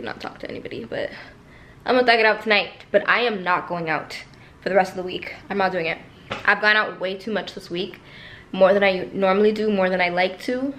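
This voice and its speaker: A woman's voice: mid-range voice, a bit bright, a little hiss or hum. A young woman in her twenties chatting casually to her vlog camera, out of breath, laughing often and using slang. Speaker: vlogger.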